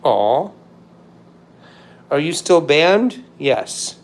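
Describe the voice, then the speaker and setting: A man hosting a casual livestream, rambling and hesitant with many fillers, often trailing off quietly. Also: fairly high pitch, big pitch swings, extremely slow. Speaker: livestream host.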